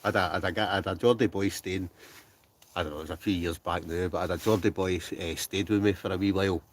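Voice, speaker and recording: Hombre escocés grave charlando en directo. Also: male voice, low voice, fairly even intonation, fast. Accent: Scottish. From Scotland. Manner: chatty, joking, trails off into mumbles. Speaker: wild camping livestreamer reading chat. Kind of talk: casual live-stream chat. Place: in a tent with a stove, outdoors at night.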